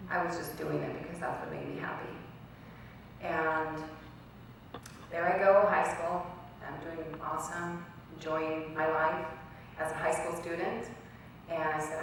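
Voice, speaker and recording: A woman's voice: sits low, level tone, a little slow, a little hiss or hum. A young woman giving a personal speech as a guest speaker, telling her story earnestly and acting out quoted dialogue. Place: college event hall. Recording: very echoey hall recorded from far off.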